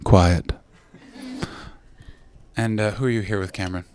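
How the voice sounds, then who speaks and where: A man's voice: low-pitched, steady tone, unhurried, background noise. A man from Canada doing stand-up crowd work, brash and teasing, swearing freely, on a handheld mic. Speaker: stand-up comedian. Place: comedy club stage.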